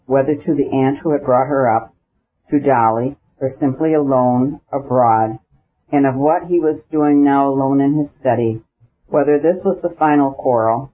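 A male audiobook narrator reads a classic novel with measured, even storytelling. His voice is husky and mid-pitched. The recording is dull and lo-fi.

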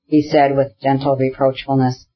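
Man, audiobook narrator, steady measured reading, classic novel, dull lo-fi recording. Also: medium pitch.

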